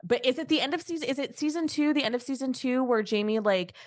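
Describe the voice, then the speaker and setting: A woman's voice: high-pitched, fast talker, no echo, clean studio sound. A woman hosting a podcast in casual chat, talking animatedly, swearing freely and acting out quotes. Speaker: podcast host.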